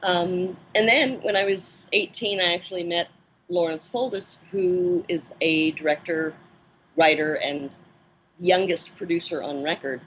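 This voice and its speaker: A woman in her fifties speaks in a lowish, calm register, thinking back on her early acting days. She talks at an easy, measured pace with gentle "ums" along the way. A faint hiss of background noise sits under her voice. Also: poor audio. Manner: reflective and measured, with soft fillers. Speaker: guest, former child actress and film producer. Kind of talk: interview reminiscence.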